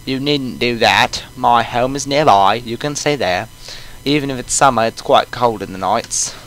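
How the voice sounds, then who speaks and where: A man voicing a kindly old male landlord with a put-on British accent, speaking slowly and courteously. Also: medium pitch, a bit bright, close to an everyday voice, rough recording. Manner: slow, courteous, old-fashioned.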